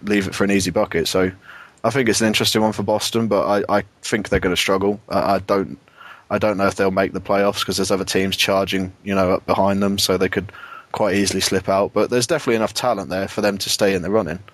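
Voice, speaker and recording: British man, young, low-pitched, chatty basketball talk, dry close sound. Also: flat delivery, quick pace, dry recording. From United Kingdom. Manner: chatty, many restarts and fillers, laughs often. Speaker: podcast co-host. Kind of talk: casual basketball chat.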